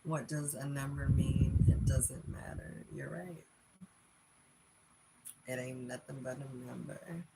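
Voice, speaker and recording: A woman's voice: a bass voice, fairly even intonation, slow pace, vocal fry, long pauses, heavy background noise. A woman in her late forties with a Philadelphia accent, chatting frankly on a livestream, reading comments and laughing often. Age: 40s. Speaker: livestream host.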